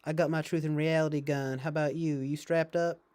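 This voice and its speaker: A man's voice: on the high side, flat delivery, fairly quick, darkish tone, clean tone. A man rambling to his viewers in casual chat, sarcastic, swearing and laughing often. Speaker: streamer.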